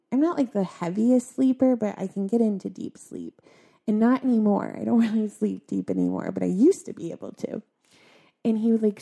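Young woman, raspy low fry, super dark tone, soft halting talk, lots of likes, opening up in a convo. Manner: halting, full of "like" fillers, soft-spoken. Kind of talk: confessional conversation.

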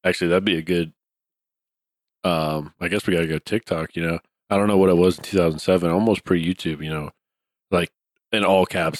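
A man casually chatting about a horror film as a podcast co-host, relaxed and laid-back, laughing easily. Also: deep voice, brisk, no echo. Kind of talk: casual horror movie review chat.

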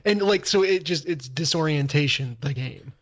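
A man's voice: on the high side, moderate pace. A man in casual podcast chat, making dry, wry remarks. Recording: slightly dull lo-fi recording.

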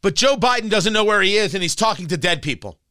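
A man's voice: sits high, expressive, fast, sharp tone, smooth, no room sound, clean studio sound. A man hosting a political talk radio show, ranting in a combative, sarcastic way. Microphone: studio microphone.

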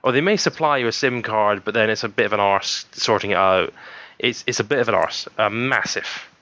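Male co-host, low bright voice, rambling opinions, dull lo-fi sound. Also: brisk, dry recording. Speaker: podcast co-host. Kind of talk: casual chat. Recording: dull lo-fi recording.

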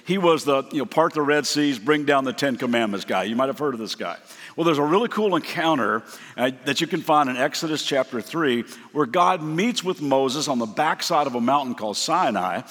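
A man's voice: mid-range voice, animated, fairly quick, a bit bright. Man preaching in a reverberant hall. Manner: storytelling, acts out quotes with shifts in voice. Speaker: guest pastor. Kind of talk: sermon.

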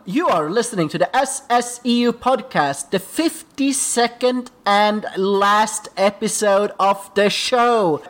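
Man, podcast host, higher-pitched, dry and laughing. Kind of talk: casual chat.

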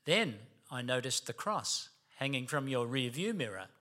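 A man voicing a calm, matter-of-fact male police officer in a story. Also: mid-range voice, moderate pace.

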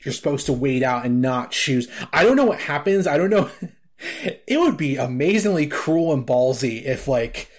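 A man's voice: medium pitch, animated, moderate pace. Rambling man chatting about a game. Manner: rambling, heavy on filler words and restarts. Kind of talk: casual chat about a video game.

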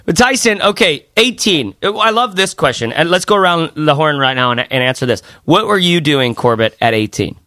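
A man co-hosts a podcast with lively, joking energy. His voice sits somewhat high and sounds dry and close, with no room around it. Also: moderate pace, hardly any pauses, no echo. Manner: animated, joking, slips into silly voices. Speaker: podcast co-host. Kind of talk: casual podcast banter.

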